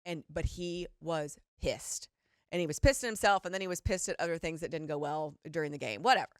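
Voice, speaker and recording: A middle-aged woman co-hosting a podcast, talking in a candid, rambling, animated way and swearing casually. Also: deep voice, brisk, smooth, no echo, clean studio sound. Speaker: podcast co-host. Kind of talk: casual chat.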